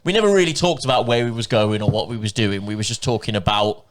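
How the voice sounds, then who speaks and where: A man's voice: lowish voice, fast. A man from England, co-hosting a podcast and telling a long, rambling story full of swearing and quoted dialogue. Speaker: podcast co-host. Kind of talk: casual storytelling chat.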